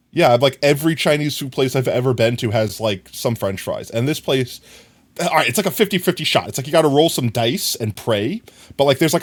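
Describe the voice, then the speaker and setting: A man, a streamer casually telling a rambling story to his chat and acting out other people's lines. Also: mid-range voice. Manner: rambling, animated, acts out voices in quotes.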